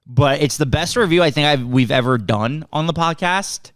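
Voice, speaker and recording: A man's voice: on the high side, normal speed, no echo, studio quality. A man co-hosting a movie review podcast in casual chat, who often repeats words as he gets going. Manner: repeats words as he starts sentences. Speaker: podcast co-host.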